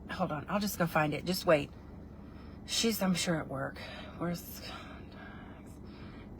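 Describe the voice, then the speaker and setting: A woman's voice: lowish voice, slow pace, pauses often, a little hiss or hum. A woman chatting casually with her viewers during a livestream, rambling and poking fun at herself. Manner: chatty, rambling and self-deprecating. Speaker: livestream vlogger. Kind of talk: casual live chat with viewers.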